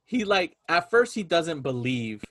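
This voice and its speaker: A man's voice: on the high side, unhurried. A man in casual movie chat, retelling scenes and acting out quotes in little voices. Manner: animated storyteller, acts out quotes in voices.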